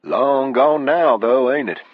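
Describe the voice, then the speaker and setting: A man's voice: takes it slowly, no room sound. Man doing a deferential Texas deputy. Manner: higher, eager, deferential drawl. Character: younger male Texas deputy, deferential and plainspoken. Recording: dull, dry lo-fi audio.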